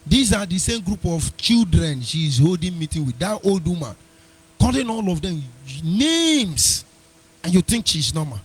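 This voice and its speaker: A man hosts a live radio talk show in a rather high, husky voice. He argues combatively and mocks his opponents with sing-song asides. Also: very animated, normal speed. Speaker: radio host. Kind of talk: live internet radio commentary.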